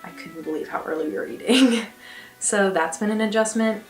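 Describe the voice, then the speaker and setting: A young woman from the United States chatting casually and cheerfully to her camera in a small attic bedroom, with quick laughs. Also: mid-range voice, roomy sound, faint music behind. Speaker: exchange student vlogger. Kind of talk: casual vlog chat. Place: small attic bedroom with slanted ceiling and beams.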